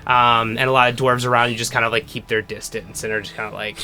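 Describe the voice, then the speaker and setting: A man's voice: mid-range voice, level tone, fast talker, sharp tone, faint music behind. A man narrating a tabletop game as game master, rambling with lots of fillers. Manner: rambling, many fillers and hedges.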